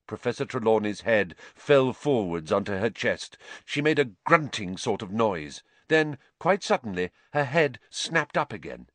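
Low, expressive male narrator. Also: no echo. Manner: expressive, measured storytelling. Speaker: audiobook narrator. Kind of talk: scripted narration.

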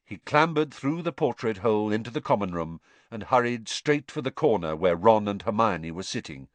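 A man narrating a novel aloud in an expressive storytelling reading. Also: lowish voice, moderate pace, no echo. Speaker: audiobook narrator.

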